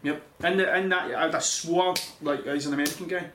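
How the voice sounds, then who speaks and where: A man's voice: on the high side, steady tone, brisk. A married Scottish man co-hosting a podcast, telling stories casually and swearing now and then. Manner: storytelling, laid-back, swears. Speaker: podcast co-host. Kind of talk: casual chat. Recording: roomy echo with faint noise.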